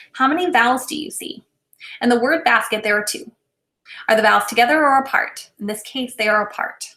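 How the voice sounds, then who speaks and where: Bright-voiced woman giving a teacher training. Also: mid-range voice, reverberant. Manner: clear, deliberate, instructional. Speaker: literacy presenter. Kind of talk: recorded teacher training lesson.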